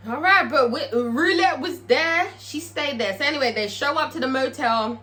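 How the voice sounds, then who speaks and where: A woman's voice: high voice, moderate pace, hardly any pauses, pushed and bright, slight background noise. A young woman recapping a TV episode in a blunt, profane, sassy storytelling manner. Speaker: TV episode reviewer.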